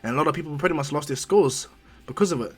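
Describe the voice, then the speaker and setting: A man tells a fan story in a loose, rambling way, full of ums and restarts. His voice sits a little high for a man. Faint music plays underneath. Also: fast talker, breathy edge. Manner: rambling, filler-heavy. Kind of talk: casual fan-story narration.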